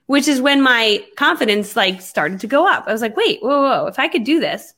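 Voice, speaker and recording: A woman telling a business story in casual conversation, animated and quick to act out her own past lines. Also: a little high. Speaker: network marketing entrepreneur.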